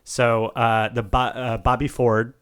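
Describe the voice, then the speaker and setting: A podcast co-host recounts a tale in an easygoing, dry manner, swearing now and then. His voice sits at an ordinary middle pitch. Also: a little slow, clear, resonant tone. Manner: relaxed, dry, swears casually. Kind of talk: casual storytelling chat.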